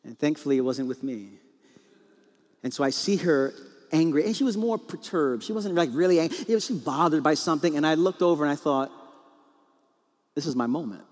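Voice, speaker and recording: A man's voice: fairly high pitch, animated, a little fast, darkish tone. A man in his forties preaching a sermon, telling a comic story about his marriage and acting out the voices in it. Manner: storytelling with comic acted quotes. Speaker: pastor. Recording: long reverb in a large hall.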